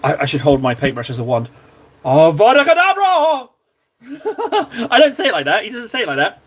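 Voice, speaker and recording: Very fast and fairly high-pitched, with big pitch swings and a bright, slightly rough tone, a man paints miniatures on a live stream. He rambles casually, knocks himself down, and keeps drifting off topic.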